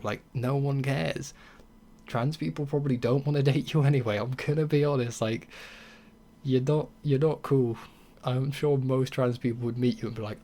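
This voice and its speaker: A man's voice: mid-range voice, darkish tone. Blunt young man ranting on a podcast. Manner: blunt, swearing, sarcastic mock voices. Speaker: podcast host. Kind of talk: casual solo podcast rant.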